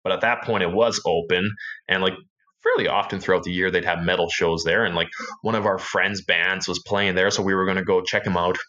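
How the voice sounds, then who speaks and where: Low-voiced man telling a story casually. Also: steady tone, sharp tone, dull audio. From Canada. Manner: loose, halting telling with many "like"s and restarts. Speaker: guest.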